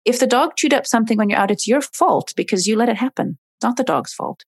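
A woman's voice: a little high, lively intonation, quick pace, breathy edge. A woman, a dog behavior expert, explaining in an interview and acting out dogs and owners in voices.

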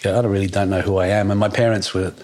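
A man, a guest in a casual conversation, talking in a reflective, halting way with many fillers. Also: sits low, little pitch movement, a little mellow.

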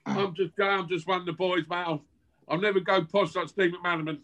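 A man's voice: high voice, steady tone, fairly quick, fairly bright tone, muffled recording. A man in his fifties from South London, speaking with a South London accent, chatting brashly as a guest over a video call, swearing and laughing. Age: 50s. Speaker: guest, former footballer. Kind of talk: casual chat.

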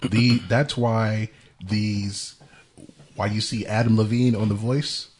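A man's voice: on the low side, fairly even intonation, slow, slight background noise. A man co-hosting a radio show, joking in a laid-back way and hedging with "like.". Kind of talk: casual banter.

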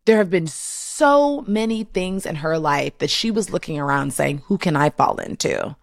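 A woman's voice: low voice, expressive, normal speed, creaky, no room sound. A woman hosting a heartfelt conversation, talking in an earnest, emotional way with many restarts. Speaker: host. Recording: dry close mic.

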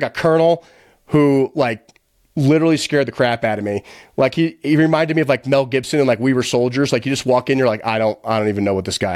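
This guest on a podcast, recorded dry and at studio quality, has a medium-pitched voice. His casual story comes out fast and lively, crude and direct, packed with fillers and frequent chuckles.

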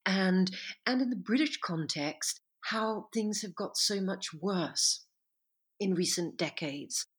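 Woman author as interview guest, husky, reflective and measured, breaks off to correct herself. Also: mid-range voice, animated. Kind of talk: podcast interview answers.

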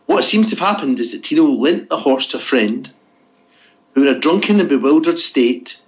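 A man's voice: medium pitch, animated, moderate pace. A man co-hosting a podcast, reading out odd news stories with dry, teasing asides. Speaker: podcast co-host. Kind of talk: casual chat. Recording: dull lo-fi sound.

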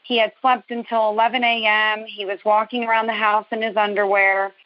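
A woman's voice: medium pitch, little pitch movement, a little fast, dry recording. A woman from New Jersey calling in to a show, telling a long story in a rambling, detailed way with a dash of sarcasm. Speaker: caller. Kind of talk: phone-in storytelling. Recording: dull, dry lo-fi call audio.

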